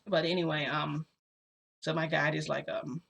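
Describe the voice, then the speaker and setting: Young woman, storytime vlogger: bright tone, chatty and loose, lots of "like," addresses viewers directly. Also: low-pitched, level tone, moderate pace, gravelly, breathy edge. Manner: chatty, peppered with "like" and "you know"; talks straight to viewers. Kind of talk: casual first-person storytelling.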